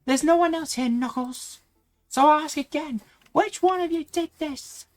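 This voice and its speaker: A man voicing a young female hedgehog in a game, lovestruck and fierce, shrill and demanding. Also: unhurried. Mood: outraged.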